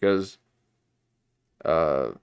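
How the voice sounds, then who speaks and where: Low-voiced man rambling on a livestream. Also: very slow, smooth, dry recording. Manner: rambling, self-mocking, jumps into mock voices. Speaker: livestream host. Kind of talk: casual livestream commentary.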